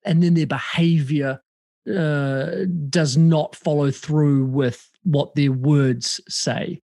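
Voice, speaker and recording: Speaking slowly in a fairly high pitch, the man appears as a podcast guest over a remote call. He chats casually and animatedly, swearing freely while acting out quoted voices.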